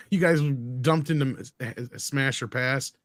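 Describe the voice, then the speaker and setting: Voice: mid-range voice, unhurried, fairly bright tone, no echo, studio quality. A podcast panelist chatting casually and reading out a story.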